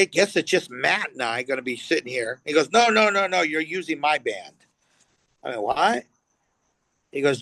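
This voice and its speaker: In a dry recording, a middle-aged musician from Los Angeles talks as a guest in a casual interview. His voice is mid-range, and he tells stories animatedly, playing out the quotes and swearing freely.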